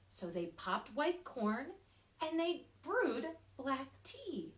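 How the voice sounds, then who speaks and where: Slow, animated woman reading to children. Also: high voice. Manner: animated, expressive, with sound effects and whispered asides. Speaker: children's librarian. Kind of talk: live storytime picture-book reading. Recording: echoey room.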